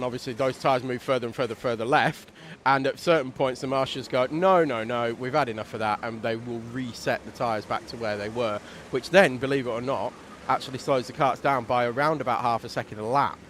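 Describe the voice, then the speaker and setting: A man doing relaxed, chatty commentary on a live race stream, explaining things at length. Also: mid-range voice, fairly quick, a little hiss or hum.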